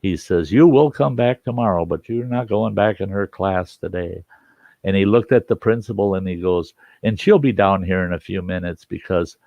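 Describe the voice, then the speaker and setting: A man's voice: deep voice, creaky, a little mellow, dry recording. An older man telling a personal story in a folksy, casual way, acting out the voices of the people in it. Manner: folksy, acts out quoted voices. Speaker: storyteller host. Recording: dull lo-fi recording.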